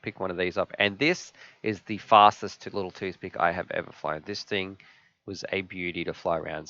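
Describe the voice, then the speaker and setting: A man's voice: low voice, gravelly, bright, forceful tone, no echo, muffled recording. Chatty man hosting a live stream. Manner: enthusiastic, chatty, reads viewer questions aloud.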